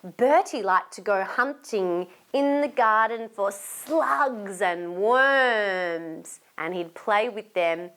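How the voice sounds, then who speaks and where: A woman with an Australian accent, a children's entertainer reading a picture book aloud, animated and asking young listeners to join in. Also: medium pitch, takes it slowly, smooth. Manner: animated, asks young listeners questions and invites them to join in.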